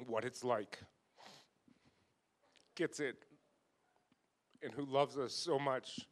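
Man leading a church talk; heartfelt, chatty, owns up to his own faults. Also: medium pitch. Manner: earnest, emotional, self-deprecating, conversational. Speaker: church leader. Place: church gathering.

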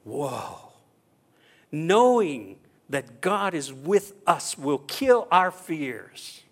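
Middle-aged pastor guy preaching, high voice, acts out the quotes, gets loud then goes real quiet. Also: big pitch swings, drawn-out words. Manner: storytelling with acted-out quotes; swings between loud and hushed. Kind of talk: sermon.

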